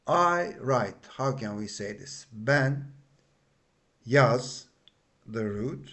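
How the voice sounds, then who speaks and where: A man with a Turkish accent talks through a grammar lesson at a very slow, deliberate pace. He sits at a middling pitch, repeats key words and fills pauses with "uh" while he patiently explains. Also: expressive, a bit bright. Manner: slow, patient explaining with frequent fillers and repetitions. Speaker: language teacher.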